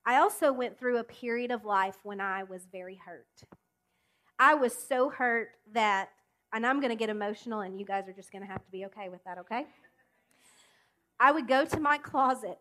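A woman preaching a sermon, speaking emphatically with deliberate pauses and direct questions to the congregation. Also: on the high side, sharp tone. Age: adult.

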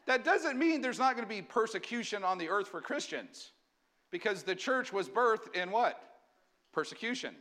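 A male pastor delivering a sermon in a high, bright voice. He preaches with energy and keeps asking the congregation questions. His tone stays lively and forceful throughout. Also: moderate pace.

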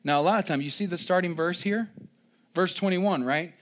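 A young man preaches a sermon in a slightly high voice, leaning on each point with emphasis. He breaks into joking asides and quick mock voices, then climbs to loud, excited stretches before settling back down. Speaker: pastor.

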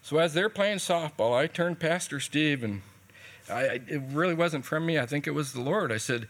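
A man's voice: a little high, lively intonation, normal speed, a bit bright. A man preaching a sermon in a conversational, folksy way, telling a personal story and retelling what people said.

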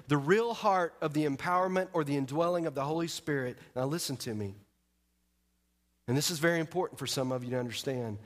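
Fervent male pastor preaching. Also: on the high side. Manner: emphatic storytelling, speaks straight to the congregation. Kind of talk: sermon.

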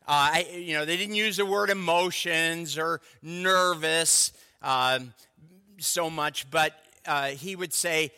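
A man's voice: fairly high pitch, slow pace, bright, forceful tone, clean tone, big-room sound. An older man, a pastor of over thirty years, preaching a sermon in a conversational, storytelling way with asides to the congregation.

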